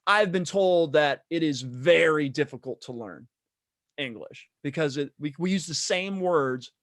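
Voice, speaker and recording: A man's voice: a little high, lively intonation, unhurried, a bit bright, dry recording, clean studio sound. A man who is a guest on a podcast, chatting casually in a rambling way, repeating words as he goes.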